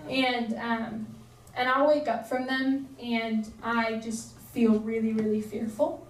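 A woman's voice: on the high side, flat delivery, takes it slowly. A young woman giving a casual, earnest sermon, chatty and full of fillers. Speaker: preacher. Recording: echoey room, voice from far off.

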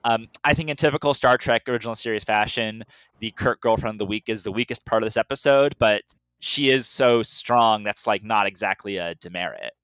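A man talking casually on a podcast, rambling through his sentences with lots of restarts. His voice is smooth and resonant. The recording is close and dry. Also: lowish voice, a little fast, fairly bright tone, dry recording. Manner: rambling, many fillers and restarts. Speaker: podcast co-host. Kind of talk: casual chat.

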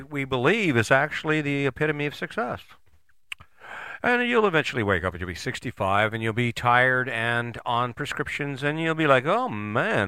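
A man's voice: medium pitch, sharp tone, smooth, no echo, studio quality. A middle-aged man giving a casual, rambling motivational monologue as a podcast host, folksy and casually swearing.

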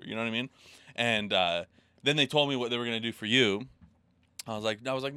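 A man in his thirties talking on a podcast with a bright, clear voice recorded dry and close. He rambles through a story with lots of "like"s and casual swearing. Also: mid-range voice, no echo. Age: 30s. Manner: rambling, profane, fast storytelling with many "like"s. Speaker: podcast co-host. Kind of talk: casual chat.

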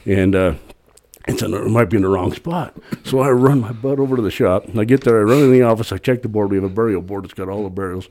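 A middle-aged man, a podcast guest, telling a long rambling story in a casual, animated way with frequent restarts. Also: fairly low pitch, quick pace.

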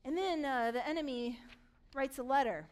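A woman pastor preaching a sermon, telling Bible stories with lively acted-out voices. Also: high voice, moderate pace. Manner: animated storyteller, acts out voices in biblical scenes.

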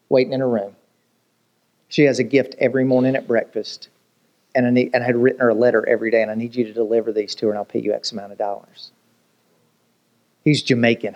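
A man's voice: medium pitch, darkish tone. A man preaching a sermon as pastor, telling jokes and stories and asking the congregation rhetorical questions.

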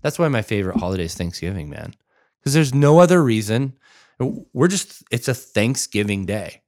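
A man co-hosting a casual chat, enthusiastic and quick to agree. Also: on the low side, sing-song, darkish tone. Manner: enthusiastic, quick affirmations like "huge". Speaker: podcast co-host.

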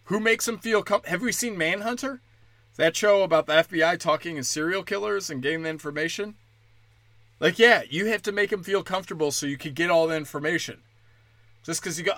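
A man's voice: high voice, brisk, bright, forceful tone, no room sound. A man ranting in a heated, profane monologue as a podcast host, often slipping into mocking voices.

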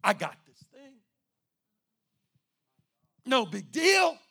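A man's voice: high-pitched, lively intonation, measured pace, gravelly, fairly bright tone, voice pushed up, full character voice. A male pastor voicing a boastful, self-assured church volunteer in an offhand tone. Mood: breezy.

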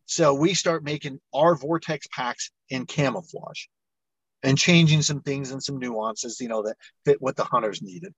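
A middle-aged man, an entrepreneur guest on an interview show, telling his story with lively acted-out dialogue. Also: medium pitch, measured pace, slightly rough, no echo, rough recording. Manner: animated storyteller, acts out quoted dialogue.

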